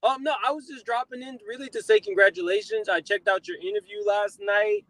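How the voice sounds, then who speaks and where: A man's voice: high voice, steady tone, a little fast, a bit bright, rough recording. A man dropping into a livestream as a guest, upbeat and congratulatory. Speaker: guest caller. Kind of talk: casual chat.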